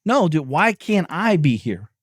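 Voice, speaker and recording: A middle-aged man hosting a podcast, delivering an intense, profane motivational monologue, often yelling. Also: fairly high pitch, very animated, unhurried, breathy edge, no echo, studio quality. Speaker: podcast host.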